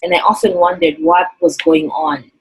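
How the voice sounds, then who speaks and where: A woman's voice: lowish voice, steady tone, moderate pace, slight background noise, poor audio. A woman from Zambia, earnestly and reflectively telling a personal story in an interview. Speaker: interview guest.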